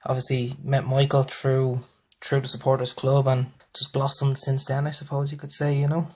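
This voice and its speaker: A man talking in a relaxed, rambling way as a podcast guest. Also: mid-range voice, moderate pace. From Ireland. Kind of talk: casual podcast chat.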